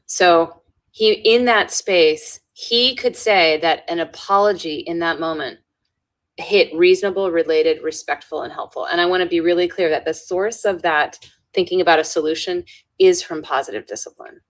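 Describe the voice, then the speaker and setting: Speaking at a moderate pace in a lowish voice, a woman being interviewed on a podcast earnestly narrates a story, frequently restarting and adding "right?" to her sentences.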